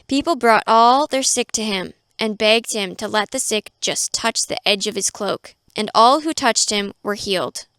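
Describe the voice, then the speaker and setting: A woman's voice: mid-range voice, fairly bright tone, clean tone, dry recording, clean studio sound. A woman hosting a devotional podcast, reading scripture aloud and then retelling it in a chatty, playful way. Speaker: podcast host.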